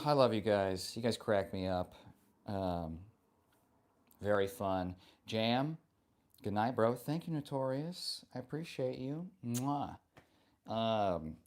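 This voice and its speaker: A man's voice: lowish voice, a little mellow. A man hosting a casual live stream, reading viewer comments aloud and answering them in a playful, joking and affectionate way.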